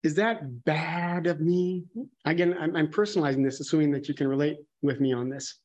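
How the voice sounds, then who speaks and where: A man's voice: on the high side, fairly even intonation, a little fast, a little mellow, muffled recording. A man preaching a conversational sermon, candid and musing, thinking aloud and often restarting his sentences.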